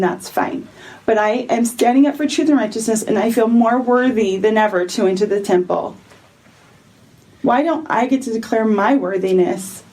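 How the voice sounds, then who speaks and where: Firm woman with a mellow voice. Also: on the high side, rough recording. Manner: firm, direct, questioning. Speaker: church member. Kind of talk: tense meeting conversation.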